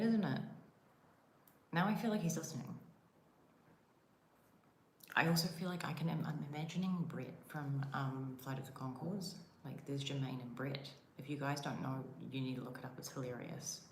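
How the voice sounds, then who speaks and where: A woman's voice: extremely low pitch, fairly even intonation, moderate pace, echoey room, slight background noise. A young woman with a New Zealand accent chatting casually on a live stream, rambling and self-deprecating with lots of "like" fillers. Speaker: livestreamer. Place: rented villa room, indoors.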